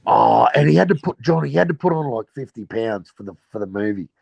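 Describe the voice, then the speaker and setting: A man's voice: medium pitch, expressive, quick pace, gravelly, a little mellow, dry recording, highs cut off. An Australian man hosting a casual chat, telling profane stories and laughing at them. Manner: rowdy, profane storytelling, laughing at his own tales.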